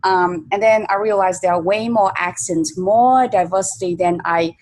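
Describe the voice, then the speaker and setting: A woman's voice: medium pitch, normal speed, darkish tone. Woman hosting an interview. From Vietnam. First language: Vietnamese. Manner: thoughtful, uses many fillers. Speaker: host. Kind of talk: interview conversation.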